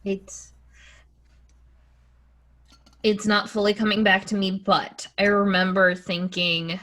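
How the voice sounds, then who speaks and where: A woman's voice: medium pitch, fairly even intonation, measured pace, bright, forceful tone. A woman co-hosting a podcast, chatting casually and mostly reacting briefly to her co-host. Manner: short reactions and agreement. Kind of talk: casual chat.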